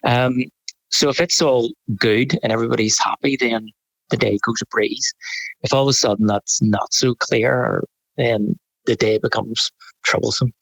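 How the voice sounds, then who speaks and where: Northern Irish photographer, husky gravel voice, rambling and animated. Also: male voice, medium pitch, normal speed, no echo, poor audio. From Northern Ireland. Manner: rambling, animated storytelling with frequent restarts. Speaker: photographer guest. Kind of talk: casual interview chat.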